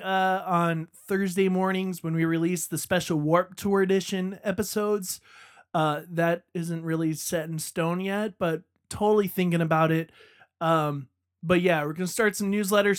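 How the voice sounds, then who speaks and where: A man's voice: sits high, smooth. Chatty, rambling male podcast host. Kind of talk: casual podcast monologue.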